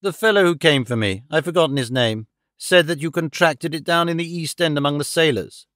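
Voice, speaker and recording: A man's voice: on the high side, brisk, a bit bright, no echo, studio quality, natural voice. A man voicing a cold, gloating middle-aged male villain who mocks and menaces his dying victim. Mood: menacing. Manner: sneering, menacing, mocking.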